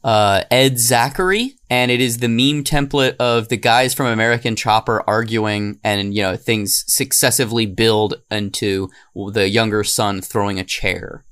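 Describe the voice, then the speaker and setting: A man co-hosting a podcast, chatting casually and getting loud when he acts out meme quotes. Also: on the low side, unhurried, hardly any pauses, clean tone. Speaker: podcast co-host.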